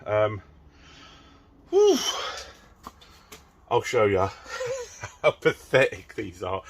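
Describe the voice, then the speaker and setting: Chatty man fixing his car. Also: lowish voice. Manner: chatty, frustrated, swears and laughs at himself. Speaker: car modding vlogger. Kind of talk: casual DIY car vlog. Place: garage, working under a car. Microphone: camera close to his face under the car.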